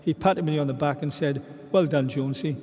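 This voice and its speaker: Mellow man telling fond stories in a big hall. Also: a little high, brisk. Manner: fond storytelling, quoting his old boss. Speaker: memorial speaker. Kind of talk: eulogy anecdotes.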